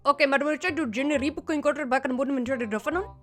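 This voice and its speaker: A woman voicing a hurried female call-center agent who mumbles through scripted lines in a comedy sketch. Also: high-pitched, soft background music, pitched above the performer's own voice, lightly acted. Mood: rushed. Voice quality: rushed, garbled delivery.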